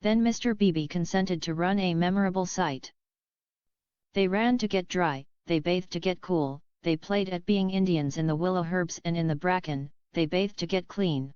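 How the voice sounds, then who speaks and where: Low, smooth-voiced woman reading a novel. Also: moderate pace, darkish tone, no room sound, muffled recording. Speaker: audiobook reader. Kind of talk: scripted narration.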